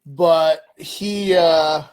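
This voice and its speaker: Very slowly and at a fairly high pitch, a middle-aged man co-hosts a casual podcast chat. He asks questions and tells lively stories, putting on voices for the characters.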